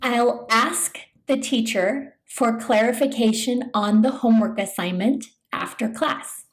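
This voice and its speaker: A woman teaching English pronunciation in a scripted lesson, speaking slowly and enunciating each word with care. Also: on the high side, low-quality recording. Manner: slow, deliberate, careful enunciation.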